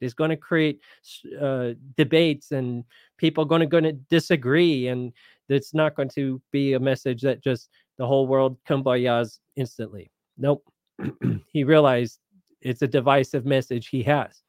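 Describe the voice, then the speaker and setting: A man's voice: mid-range voice, steady tone, unhurried, a little mellow, dry recording, studio quality. A man hosting a live Bible question show, explaining verses in a casual, conversational way and paraphrasing scripture in everyday speech. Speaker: Bible teacher host.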